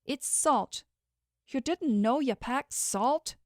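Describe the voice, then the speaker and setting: A woman's voice: slow, no echo, clean studio sound. A woman voicing a distraught young female investigator who pleads through tears, audiobook style. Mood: incredulous. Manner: pleading, tearful, high-pitched.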